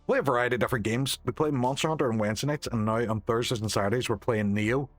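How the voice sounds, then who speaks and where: A young man from Northern Ireland livestreams a game, chatting casually, thanking viewers and swearing now and then. His mid-range voice moves fast, and the dry recording carries faint background music.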